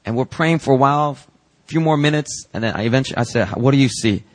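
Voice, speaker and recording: A man, a pastor, telling a story in a sermon and acting out its dialogue with lively emphasis. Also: mid-range voice, fast. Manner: animated, acts out the dialogue in his story. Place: church sanctuary.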